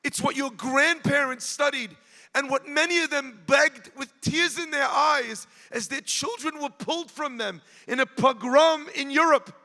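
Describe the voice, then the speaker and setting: Impassioned high-voiced rabbi in a big hall. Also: male voice. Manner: impassioned storytelling, builds to shouts. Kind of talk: inspirational speech at an event. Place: large event hall.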